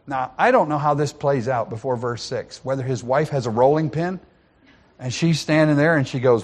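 A man's voice: a little high, animated, normal speed. A man preaching a sermon, retelling a Bible story with playful asides and frequent restarts.

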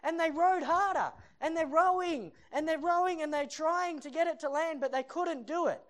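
A preacher giving a sermon in a lively storytelling style, acting out the scenes. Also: very high voice, normal speed. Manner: animated storytelling that acts out the scenes.

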